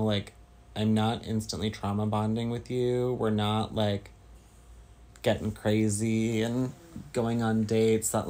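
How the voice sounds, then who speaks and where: A man from Northern California chatting casually with his stream viewers, slow and rambling. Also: lowish voice, a little mellow, a little hiss or hum. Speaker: livestreamer.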